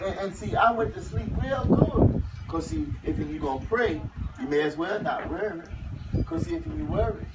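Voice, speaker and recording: A wry, folksy enslaved man in his thirties spins a funny tale in dialect speech, chuckling as he goes, as a man acts him out. His voice sits high for a man. It comes from far off, dull and muffled with noise behind. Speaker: living history performer. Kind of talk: first-person historical storytelling to a live audience. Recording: muffled, distant, noisy live recording.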